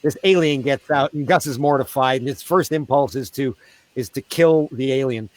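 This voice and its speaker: A man, a street theatre performer, telling animated stories in a casual interview over a video call. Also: normal speed, no echo. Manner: animated, acts out quoted voices in a high pitch.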